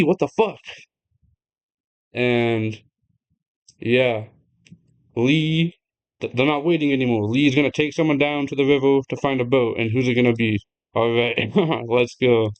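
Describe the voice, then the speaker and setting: An excitable young man recaps a game's story for his viewers in a loose, chatty way. His voice sits at an ordinary middle pitch. He laughs often and swears freely as he talks. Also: highs cut off. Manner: chatty, addresses viewers directly. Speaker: gaming video creator. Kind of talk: casual retelling of a game story.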